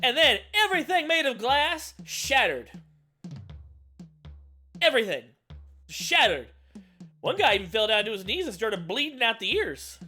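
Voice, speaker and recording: A woman streamer narrating a comedic tabletop adventure, crude and animated with loud outbursts. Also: on the high side, measured pace, pauses often, soft background music. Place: home streaming setup.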